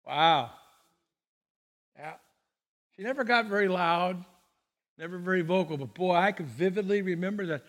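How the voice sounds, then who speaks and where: A pastor preaching a sermon in a conversational storytelling manner, asking the congregation questions. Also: male voice, high voice, fairly quick, a bit bright, long reverb tail.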